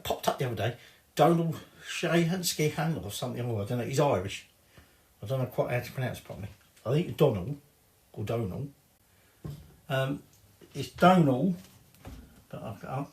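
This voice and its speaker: A man's voice: medium pitch, roomy sound. A man giving a casual cooking demonstration in his home kitchen, chatty and rambling, with cheeky swearing. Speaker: home cook.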